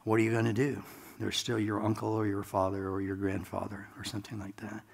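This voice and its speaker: A man preaching a sermon in a relaxed, conversational way, with self-deprecating asides, in a church sanctuary. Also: lowish voice, brisk, gravelly. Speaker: pastor. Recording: long hall reverb.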